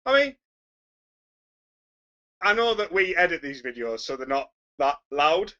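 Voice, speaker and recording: A man co-hosting a podcast, loud and chatty with frequent laughter. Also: on the high side, big pitch swings, a little slow, muffled recording. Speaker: podcast co-host. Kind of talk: casual banter.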